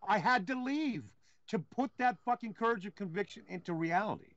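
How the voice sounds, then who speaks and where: A man's voice: high-pitched, animated, normal speed, a bit bright, dry recording, muffled recording. A man talking as a guest on a live show, blunt and insistent, swearing often. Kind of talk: heated live web talk show.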